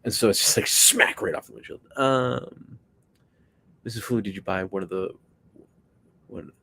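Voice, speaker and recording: A man with a low voice and a gravelly texture talks casually as he builds a puppet on a stream. He rambles and cracks jokes between answers to viewers. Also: moderate pace, bright, forceful tone, low-quality recording. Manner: rambling, joking, answering chat. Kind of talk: casual chat while crafting.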